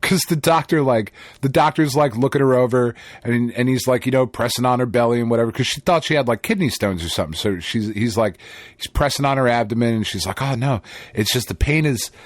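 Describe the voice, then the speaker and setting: A man's voice: mid-range voice, fast, dry recording, clean studio sound. A man co-hosting a podcast, telling a story in casual, profane chat and laughing often. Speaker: podcast co-host.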